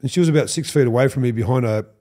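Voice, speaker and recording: An Australian man in his fifties, a podcast guest, telling animated stories, swearing freely and acting out what others said. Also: mid-range voice, very fast. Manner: animated, swears, acts out quoted lines. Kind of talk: storytelling interview.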